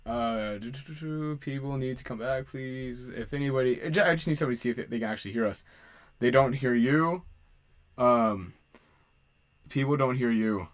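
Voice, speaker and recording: A man hosting a livestream, talking casually and haltingly as he sorts out audio trouble. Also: medium pitch. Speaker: livestream host.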